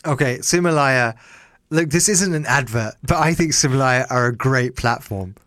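A man co-hosting a relaxed podcast in a medium-pitched voice. He jokes easily and laughs often. The sound is dry and close. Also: moderate pace, no room sound. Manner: joking, laughs a lot. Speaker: podcast co-host. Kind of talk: casual podcast chat.

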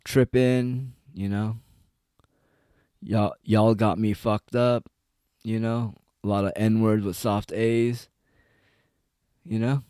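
Guy ranting on his channel, low voice, cursing a lot, says dude and like constantly. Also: little pitch movement, takes it slowly, long pauses, dark tone, smooth, dry recording, studio quality. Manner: profane, rambling, heavy on "like" and "dude". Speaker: online commentator. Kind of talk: casual rant.

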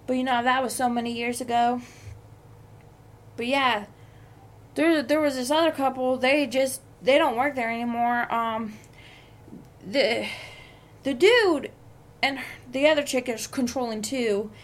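A young woman talks through workplace drama on her podcast, swearing freely as she vents. Her voice sits high. She takes her time, drawing words out slowly. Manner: profane, venting, heated. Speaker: podcast host. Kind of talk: casual storytelling monologue.

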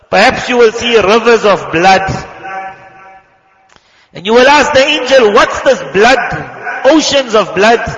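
High-voiced preacher in an echoey hall. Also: male voice, fairly bright tone. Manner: impassioned, fervent recitation of Arabic prayers. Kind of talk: sermon with storytelling. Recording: echoey hall, muffled lo-fi sound.

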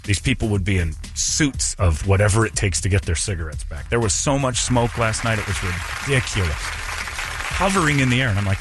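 A male radio host, ranting and joking loudly in casual banter with his co-hosts. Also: fairly low pitch, animated, brisk, over music, a crowd in the background.

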